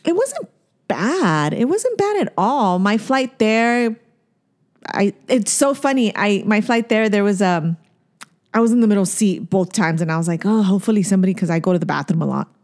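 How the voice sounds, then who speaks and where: A woman's voice: medium pitch, big pitch swings, normal speed, darkish tone. A woman co-hosting a casual podcast chat, telling stories in a loose, rambling way with lots of fillers and restarts. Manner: chatty storyteller, many fillers and restarts. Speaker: podcast co-host.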